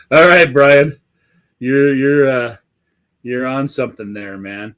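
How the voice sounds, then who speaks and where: A middle-aged man hosts a live stream after a few drinks, chatting loosely and swearing in nearly every sentence. His voice is medium-pitched, steady and fairly bright, with a slow pace and long pauses. The talk is profane and rambling.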